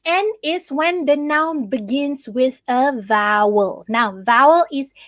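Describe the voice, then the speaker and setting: Malaysian woman tutor, young, chatty, keeps asking "okay?"; high-pitched, dry close recording. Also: slow pace, a bit bright, no room sound. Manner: chatty, often checks in with "okay?". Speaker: online English tutor. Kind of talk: live online lesson, mixing English with Malay.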